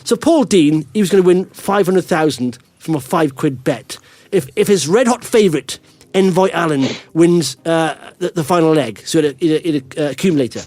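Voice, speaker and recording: A middle-aged man hosting a podcast in excitable, animated casual chat, often repeating words. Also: fairly high pitch, moderate pace, no room sound. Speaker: podcast host.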